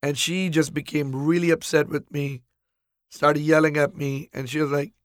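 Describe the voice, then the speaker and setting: A man telling a personal story in a casual interview, animated, acting out the people he quotes. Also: on the high side, normal speed, dry recording, clean studio sound.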